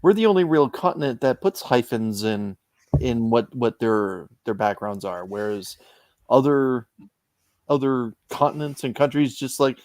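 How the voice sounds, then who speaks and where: A man from North America chats on a livestream in a mid-pitched voice. He is laid-back and teasing, and he drops short quips and asides. His talk is loose and casual. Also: animated, unhurried, a little mellow, no room sound. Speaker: panelist on a live comics show.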